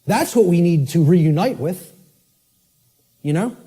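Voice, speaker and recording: A man giving a forceful, emphatic lecture, often checking in with "okay?" and spelling words out letter by letter. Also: sits high, expressive, a little slow, breathy edge.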